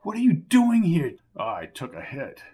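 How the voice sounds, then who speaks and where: A man's voice: fairly high pitch, wildly swooping pitch, moderate pace, mellow, breathy edge, heavily acted. A man voicing an older, boastful schemer who needles everyone in a smug, self-important way. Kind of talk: audiobook character voice.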